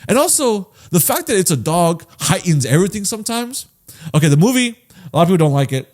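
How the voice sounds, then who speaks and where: A podcast co-host with a high-pitched voice chats casually at a fairly quick pace, animated and swearing freely as he acts out the voices of the people he quotes.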